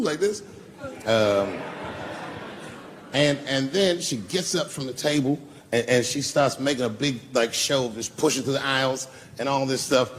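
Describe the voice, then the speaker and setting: A man's voice: medium pitch, animated, moderate pace, slight background noise. A man performing a stand-up set in a small comedy club, telling stories in a profane, loose way. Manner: profane storytelling, gravelly.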